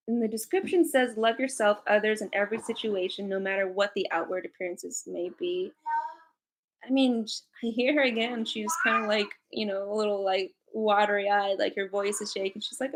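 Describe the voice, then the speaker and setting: Streaming live from home alongside her cat, this psychic card reader speaks at medium pitch, a moderate pace and fairly even intonation. She chats and giggles her way through angel cards, laughing frequently and leaning on fillers.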